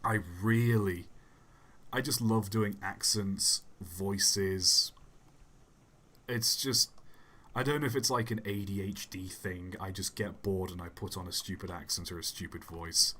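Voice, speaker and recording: A soft-spoken young man answering chat questions on a casual livestream, rambling and self-deprecating. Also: sits low, fairly even intonation, measured pace. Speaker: YouTube channel host. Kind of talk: casual livestream Q&A while gaming.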